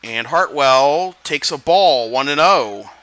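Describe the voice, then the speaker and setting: A man calling a baseball game play-by-play, building to excited calls on big plays. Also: on the high side, slow, no room sound. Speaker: play-by-play announcer. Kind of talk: live baseball commentary.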